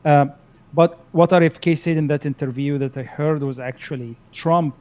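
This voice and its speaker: A man with a slightly high voice chats on a casual stream. He hesitates and fills gaps with fillers, often laughing at himself. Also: fairly even intonation, normal speed, a little mellow. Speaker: panel guest.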